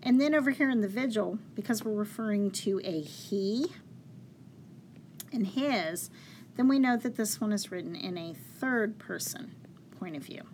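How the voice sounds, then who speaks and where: Woman teacher, slow and patient, step-by-step poetry lesson, faint room hum behind. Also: medium pitch, a little mellow. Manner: patient, explains step by step, counts syllables aloud slowly.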